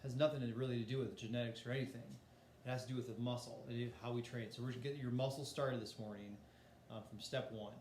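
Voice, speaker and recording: A man's voice: medium pitch, steady tone, fast talker, darkish tone, reverberant, a little hiss or hum. A man teaching a voice lesson in a casual, explanatory way, demonstrating breathing and singing exercises. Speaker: music teacher.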